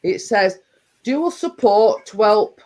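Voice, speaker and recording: A woman's voice: medium pitch, lively intonation, slow pace, a little mellow, poor audio. A woman hosting a casual livestream, chatting to her viewers in a rambling way with lots of restarts and fillers. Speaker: livestream host. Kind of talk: casual live chat to viewers.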